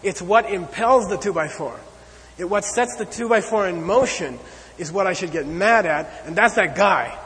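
A man teaching a lecture on Buddhist ideas, talking in an animated, conversational way and checking in often with "okay?" and "you know.". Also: high-pitched, normal speed. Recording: long hall reverb.

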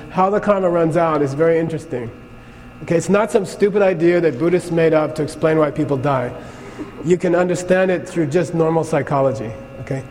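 A man with a fairly high voice gives a classroom lecture, talking in a loose, conversational way. He keeps checking in with his listeners as he explains. His voice carries a long hall reverb over a faint background ambience. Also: darkish tone, a little hiss or hum. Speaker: Buddhist teacher.

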